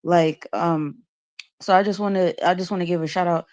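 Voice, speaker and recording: A woman's voice: on the low side, steady tone, moderate pace, a little mellow, highs cut off. A woman talking casually on a podcast, sharing opinions in a conversational way. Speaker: podcast co-host. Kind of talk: casual chat.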